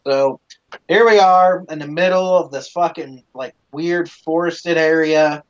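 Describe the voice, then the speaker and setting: A man's voice: fairly high pitch, measured pace. A man hosting a live stream, casually telling a rambling, profane story with plenty of swearing, on a dull lo-fi recording.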